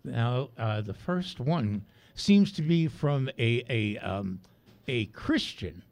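A man with a raised, gravelly voice hosts comedic radio banter. He swings his pitch widely as he reads listener questions in mock outrage and laughs often. The sound is dry and close. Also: expressive, slow pace, darkish tone, no echo. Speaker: radio show co-host.

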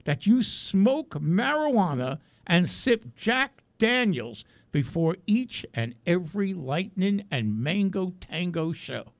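A man's voice: high-pitched, very animated, takes it slowly, hardly any pauses, no echo. A man co-hosting a comedic radio show, reading out listener questions with mock outrage and frequent laughter.

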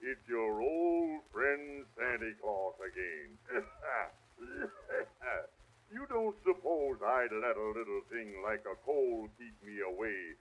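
A man's voice: mid-range voice, very animated, slow pace, fairly bright tone, a little hiss or hum. A man playing an old, chuckling Santa Claus with a bad cold on a vintage radio broadcast, talking to children in a grandfatherly way. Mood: fatherly. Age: older. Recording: dull old radio recording.

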